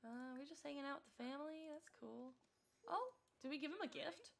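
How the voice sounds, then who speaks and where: A young woman streaming a life-simulation game, talking in an animated way to her viewers and to the characters on screen. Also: high voice, a little fast, gravelly. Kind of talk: live gameplay commentary.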